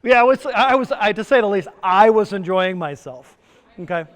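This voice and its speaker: High-voiced joking male presenter. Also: expressive, normal speed. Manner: joking, asks the audience questions. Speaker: presenter at a stress summit. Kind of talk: conference talk. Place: resort conference room. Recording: long reverb of a conference hall.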